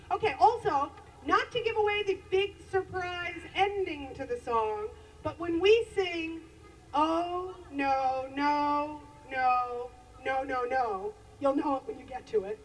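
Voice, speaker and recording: A woman in a band announcing a song and coaxing the audience to join in, in a theatrical emcee manner on an outdoor stage. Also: very high-pitched. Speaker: band member introducing songs. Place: outdoor lawn concert stage. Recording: distant live stage recording with faint noise.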